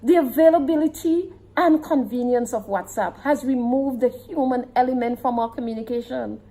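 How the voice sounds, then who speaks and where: A woman's voice: a little high, warm tone, rough recording. A woman student giving a formal oral presentation with emphatic delivery.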